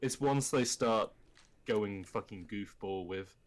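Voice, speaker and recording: A man's voice: lowish voice, slow. A man chatting casually on a gaming stream, rambling and swearing as he tells stories. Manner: rambling, swears, animated storytelling. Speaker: streamer co-host.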